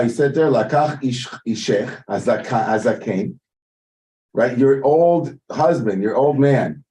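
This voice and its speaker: Distant, dark-voiced man teaching a text. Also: mid-range voice. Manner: explains Hebrew text line by line, translating as he goes. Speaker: teacher leading text study. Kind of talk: Torah study lesson.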